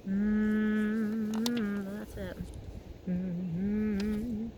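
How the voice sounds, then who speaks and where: Woman doing a tarot reading out in a field, slow dreamy emotional talk, lots of humming, wind and outdoor noise behind her. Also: medium pitch, level tone. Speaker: tarot reader.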